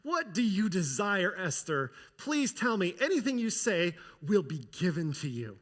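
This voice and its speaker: A pastor playing a powerful, quick-tempered ancient king. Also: high-pitched, sing-song, a bit bright, heavily acted. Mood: grave.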